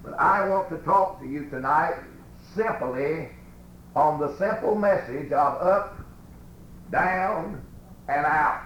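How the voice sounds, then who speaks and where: A man preaching a sermon and reading scripture aloud in a church, with slow, emphatic, drawn-out phrasing. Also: a little high, fairly bright tone. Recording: echoey room with faint background noise.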